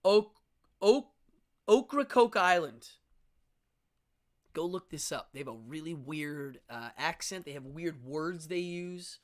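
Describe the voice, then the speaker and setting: A man's voice: fairly high pitch, lively intonation, slow pace, long pauses. A middle-aged man hosting a casual livestream, chatting and rambling to viewers and reading their comments aloud. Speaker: livestream host.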